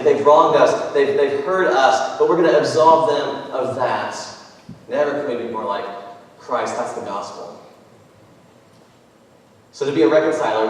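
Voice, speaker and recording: Male pastor who preaches with chatty storytelling, recorded from afar in a reverberant sanctuary. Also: mid-range voice. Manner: conversational, animated storytelling. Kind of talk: sermon. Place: large church sanctuary. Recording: echoey church hall, mic far off.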